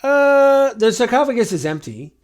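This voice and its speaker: A man's voice: extremely high pitch, big pitch swings, moderate pace. A man running a tabletop game as game master, narrating loosely with lots of fillers. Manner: loose, rambling, full of fillers.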